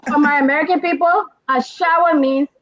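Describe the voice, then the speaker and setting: A woman with a Liberian accent hosting a casual talk show, animated and laughing as she teaches slang phrases. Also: sits high, a little fast, a crowd in the background. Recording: dull, dry lo-fi sound.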